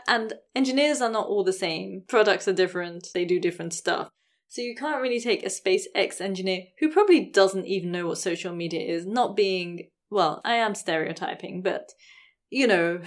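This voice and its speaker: A woman hosting a podcast, telling a story in a casual chatty way with frequent laughs and hedges. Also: medium pitch. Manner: chatty, laughs often, many hedges like "sort of". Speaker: podcast host.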